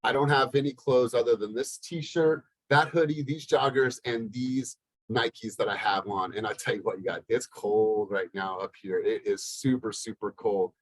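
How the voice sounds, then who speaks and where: A man hosting a team coaching call from a hotel room, telling a story with animated, acted-out dialogue. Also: fairly low pitch, normal speed, no echo, poor audio. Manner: animated, acts out both sides of a dialogue. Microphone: laptop or webcam on a video call.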